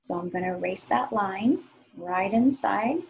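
A woman teaching young children to draw, giving slow, patient, sing-song step-by-step instructions. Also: mid-range voice, lively intonation, vocal fry, rough recording. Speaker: art teacher.

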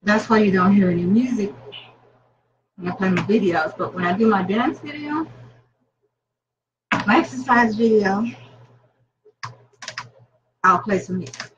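Talking casually to the camera as she cooks at home, a woman in her fifties uses a mid-range voice, a measured pace and frequent pauses. Her chatty cooking vlog is captured on distant, slightly noisy lo-fi audio.

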